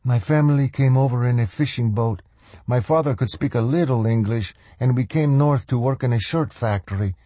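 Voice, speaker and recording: Audiobook: man voicing a tearful Cuban woman, husky, up high. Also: normal speed, mellow, no echo, lightly acted. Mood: puzzled.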